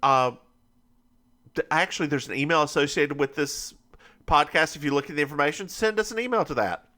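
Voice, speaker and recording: A man's voice: fairly high pitch, fairly quick, sharp tone. A man co-hosting a podcast, recapping a TV episode in casual chat and laughing often. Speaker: podcast co-host.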